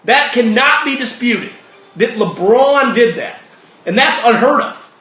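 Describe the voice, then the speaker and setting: A man with a strikingly high voice hosts a sports talk show, ranting in a blunt and profane way. His voice rings out in a roomy, echoey space. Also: lively intonation, a little slow, sharp tone. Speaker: sports podcast host. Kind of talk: opinionated sports talk monologue.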